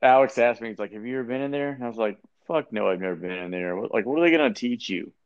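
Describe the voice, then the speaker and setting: A man's voice: mid-range voice, fast, smooth, muffled recording. A man in casual chat as a podcast co-host, telling rambling stories with swearing. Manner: laid-back, rambling storytelling with swearing.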